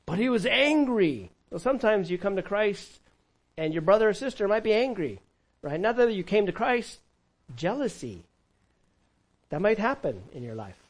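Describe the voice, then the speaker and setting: A man preaching a sermon in a church, shifting from lively emphasis to hushed, conversational asides. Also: high-pitched, normal speed, rough recording. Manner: animated, conversational preaching with sudden drops to a hush. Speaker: pastor.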